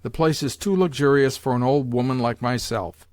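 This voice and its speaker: A man reading an audiobook, voicing an imperious, domineering old grandmother with a loud, sharp, commanding voice pitched above his own. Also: normal speed, no room sound, studio quality, natural voice.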